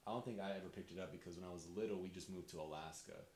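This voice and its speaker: Deep-voiced fast-talking man, echoey room. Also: darkish tone. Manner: rambling, heavy use of "like". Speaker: podcast host. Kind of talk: casual podcast chat. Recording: echoey room with faint hiss.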